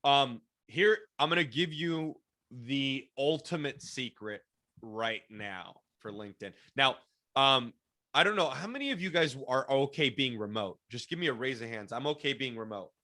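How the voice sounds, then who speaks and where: Bright-voiced man coaching on a call. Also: medium pitch, lively intonation, moderate pace. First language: Spanish. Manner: coaching, repeats words when restarting. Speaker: workshop presenter. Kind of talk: online workshop talk. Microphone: video call.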